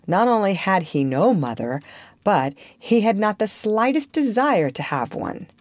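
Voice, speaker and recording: Expressive woman reading a storybook. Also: medium pitch, a little slow, no room sound. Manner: expressive, varied storytelling delivery. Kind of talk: storybook narration.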